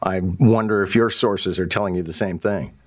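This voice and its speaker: Male radio host, low-ish, wry, conversational. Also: moderate pace. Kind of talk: radio interview hosting.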